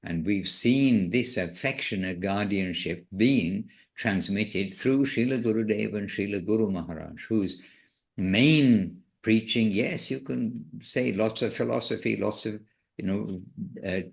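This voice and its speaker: A spiritual teacher with a fairly low, creaky voice gives an informal devotional talk. He muses aloud, gently correcting himself as he goes.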